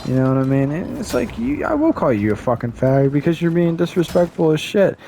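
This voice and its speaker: A man ranting to camera in a casual vlog, blunt and profane, rambling with restarts and drawn-out complaints. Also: on the high side, big pitch swings, vocal fry, mellow, a little hiss or hum. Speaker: vlogger.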